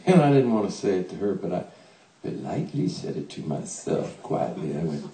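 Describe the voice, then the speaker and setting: An older man, a songwriter, telling a comic story on stage in a folksy, animated way, playing out the people he quotes, to a laughing audience. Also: fairly low pitch, unhurried, echoey room, distant mic, noisy background.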